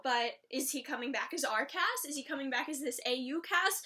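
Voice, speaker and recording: A woman's voice: on the high side, normal speed, few pauses, bright, forceful tone. A young woman casually recapping a TV episode, gushing and emotional as she retells scenes and acts out the characters' lines. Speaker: show recap vlogger.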